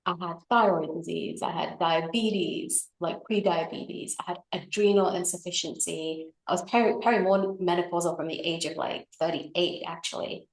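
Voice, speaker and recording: A middle-aged woman with a low, gravelly voice tells a personal story as an interview guest. She talks in a chatty, conversational way and often checks in with her listener. The call sounds echoey, as if she is in a bare room. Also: steady tone, normal speed, hardly any pauses. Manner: chatty, with frequent tag questions and fillers. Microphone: video call.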